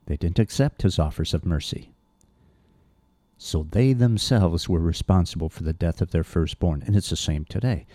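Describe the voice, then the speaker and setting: A man's voice: sits low, moderate pace, mellow, no room sound. A man preaching a verse-by-verse sermon, earnest and blunt, reading scripture aloud and pressing his points with emphasis.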